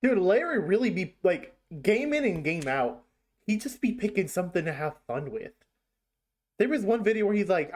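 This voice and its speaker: A man's voice: high voice, sing-song, normal speed, darkish tone. A man hosting a reaction video, talking in a loose, slangy, chatty way. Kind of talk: casual reaction commentary.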